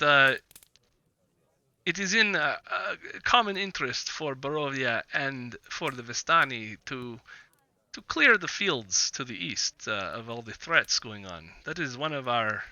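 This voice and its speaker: A smug male merchant who talks down to others, stumbling over fillers as he schemes, as a game master puts him on. His voice is forceful and bright, with a lively, swooping pitch. It sounds dry and slightly dull, like lo-fi stream audio. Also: dry recording, full character voice. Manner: hesitant, filler-heavy, patronizing.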